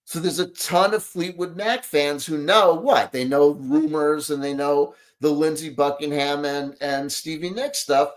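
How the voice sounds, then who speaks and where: A commentary host reacts to a video clip, ranting and talking back at it with sarcasm and exasperation, rambling with lots of fillers. His voice is fairly high with fairly even intonation, a little slow, and he barely pauses.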